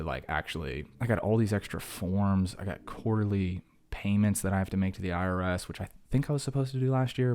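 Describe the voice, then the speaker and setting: Low-voiced man ranting casually on his podcast. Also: a little mellow. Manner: rambling, jokey, self-talking rants. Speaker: podcast host. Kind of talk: casual solo podcast monologue.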